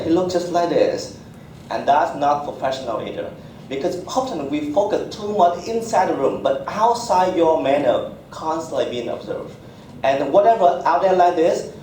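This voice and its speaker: A man's voice: high voice, a little mellow, a little hiss or hum. A man, a physician, giving a live workshop lecture to students in short, instructive phrases. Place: large room at a community college. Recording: echoey hall recorded from far off.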